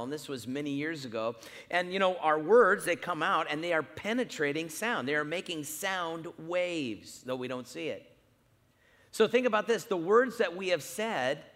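Animated middle-aged male preacher. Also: on the high side, long reverb tail. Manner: animated storytelling, wide swings in loudness. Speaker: pastor. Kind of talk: sermon. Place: church.

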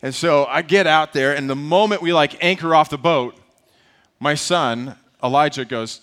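A pastor in his thirties preaching to his congregation, with a voice that sits a little high for a man. He tells his stories animatedly, slipping into the voices of the people in them. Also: moderate pace. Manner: animated storytelling, acts out family voices. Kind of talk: sermon with personal story.

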